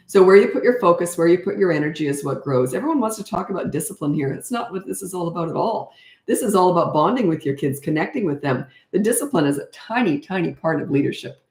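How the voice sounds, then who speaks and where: A woman's voice: lowish voice, a little mellow. Chatty middle-aged woman, roomy sound. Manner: frank, chatty, laughs often. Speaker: parenting coach. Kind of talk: casual live-stream Q&A. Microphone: webcam.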